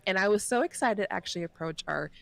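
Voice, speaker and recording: A woman reporting on theme parks in a live studio news chat, gushing and excited, often restarting her sentences. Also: medium pitch, fast talker, creaky. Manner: bubbly, gushing, frequent restarts.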